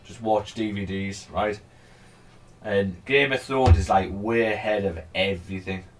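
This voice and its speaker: A man's voice: fairly low pitch, fairly even intonation, a little slow, a little hiss or hum. A man giving casual, rambling commentary on a live trading stream. He chats freely, swears now and then, and urges the price on as he goes. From England.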